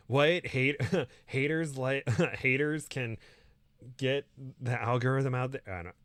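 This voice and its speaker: A man's voice: mid-range voice, slow pace, fairly bright tone, no room sound, studio quality. A man who is a guest co-host, rambling and giggling through a casual stream chat.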